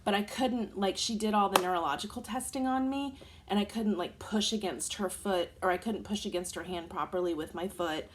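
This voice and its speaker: A woman in her forties chatting to the camera, telling a long personal story in an animated, casual way. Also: mid-range voice, a little fast, slight background noise. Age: 40s. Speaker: vlogger.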